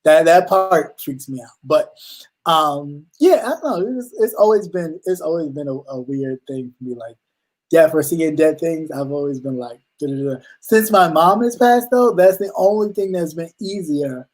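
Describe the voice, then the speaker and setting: A man co-hosting a casual chat, telling animated stories and acting out his family's voices, swearing freely. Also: a little high, moderate pace, poor audio. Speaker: co-host.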